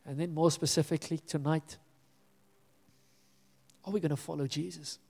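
A man's voice: on the high side, fairly even intonation, normal speed, gravelly, darkish tone, in a large hall. A man preaching a sermon as pastor, earnest and pleading, sometimes dropping to a near-whisper.

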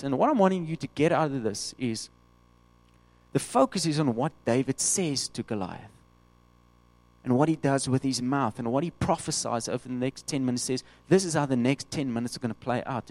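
A man preaching a sermon, animated, acting out the voices of the people he quotes. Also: medium pitch, moderate pace, no room sound.

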